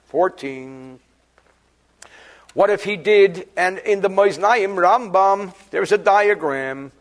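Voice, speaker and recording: A man's voice: high-pitched, slow pace. A man, a rabbi, giving a chatty daily lesson on Jewish law, cracking jokes and explaining Hebrew passages. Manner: joking, chatty, mixing Hebrew terms into explanations.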